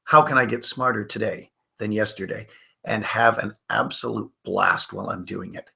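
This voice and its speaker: A man's voice: fairly low pitch, moderate pace, vocal fry, bright, forceful tone. A middle-aged man teaching hypnosis in a webinar, telling stories and acting out the voices of the people he quotes. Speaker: hypnosis trainer.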